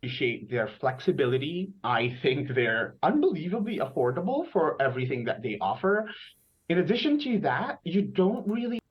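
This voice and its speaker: A man with a Filipino accent answers questions in a speaking test, with a thoughtful, measured delivery. His intonation rises and falls freely. The sound is dull and lo-fi, like audio from a video call. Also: fairly high pitch, very animated. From Philippines. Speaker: test candidate.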